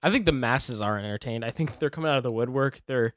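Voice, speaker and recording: A man's voice: mid-range voice, fast, dry recording, clean studio sound. A man co-hosting a podcast in casual chat, bantering and laughing often. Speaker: podcast co-host.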